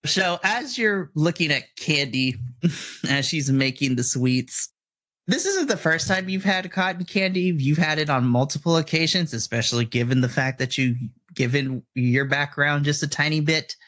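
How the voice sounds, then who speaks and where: Giggly, excitable game master man. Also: on the high side, normal speed. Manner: excitable, giggly, lots of restarts. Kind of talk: narrating a tabletop game.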